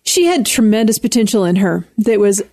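Texan woman in her fifties, mellow voice. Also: medium pitch, very animated, brisk, no room sound, studio quality. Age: 50s. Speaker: author, interview guest. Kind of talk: radio interview.

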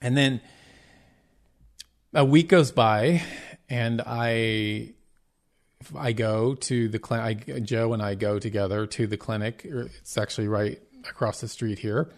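A man's voice: mid-range voice, fairly even intonation, takes it slowly. A middle-aged man hosting his own show, telling a personal story in a candid, earnest way, with many restarts and quoted dialogue. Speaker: podcast host.

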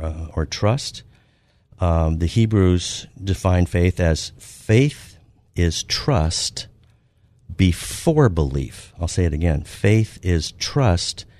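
A man with a very low, mellow voice teaches his show's listeners point by point. He talks in a measured way, leans on the key words, and fills his pauses with ums and uhs. The sound is close and dry. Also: no echo. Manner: measured, stresses key words, frequent fillers. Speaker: radio show host and author. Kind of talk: teaching talk comparing ideas point by point.

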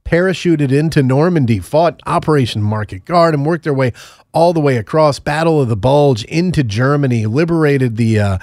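A man's voice: fairly high pitch, moderate pace, darkish tone, no room sound. Man, podcast co-host, casual chat, joking stories, dry mic. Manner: rambling, joking anecdotes.

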